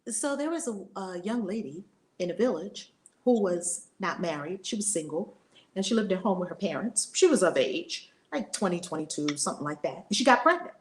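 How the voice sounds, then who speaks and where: A woman spiritual teacher telling a story in an animated, conversational way. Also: fairly low pitch, moderate pace, echoey room. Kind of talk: storytelling lesson.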